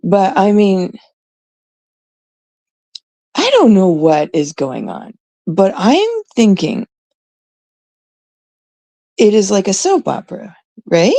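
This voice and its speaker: A woman's voice: medium pitch, wildly swooping pitch, slow pace, gravelly, pauses often, mellow, no room sound. A Canadian woman livestreaming, rambling casually and talking straight to her chat viewers on a close mic.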